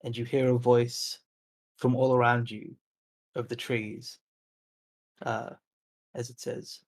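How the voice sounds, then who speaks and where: A man's voice: medium pitch, little pitch movement, slow, pauses often. A man running a tabletop role-playing game, narrating the scene in a descriptive way, with frequent "uh" and "like" fillers. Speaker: game master.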